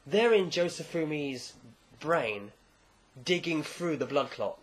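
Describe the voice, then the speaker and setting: A man's voice: a little high, normal speed. Chatty man recapping a comic. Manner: rambling, animated storytelling with asides. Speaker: manga chapter reviewer. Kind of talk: casual recap commentary.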